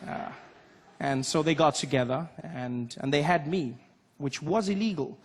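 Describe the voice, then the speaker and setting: A man from Africa, performing a lively stand-up comedy routine and acting out voices. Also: a little high, a little slow, background noise. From South Africa. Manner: animated, acts out voices and laughs.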